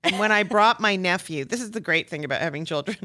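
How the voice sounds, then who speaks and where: A woman with a fairly low voice tells funny stories as a guest on a chat podcast. She laughs often and leaps into the voices of the people she quotes. The delivery is lively and full of comic timing. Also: fast. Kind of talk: casual storytelling chat.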